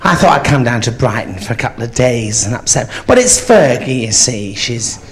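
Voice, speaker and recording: A man's voice: medium pitch, very animated, normal speed, close to an everyday voice. A man doing a camp, bawdy old granny. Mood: gossipy. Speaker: drag comedian. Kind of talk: live stand-up comedy in character. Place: theatre stage before an audience.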